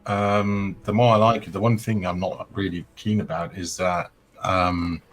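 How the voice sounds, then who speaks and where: A man's voice: deep voice, level tone, measured pace, slight background noise. A man joining a casual hobby chat as a guest, speaking hesitantly with many ums and restarts.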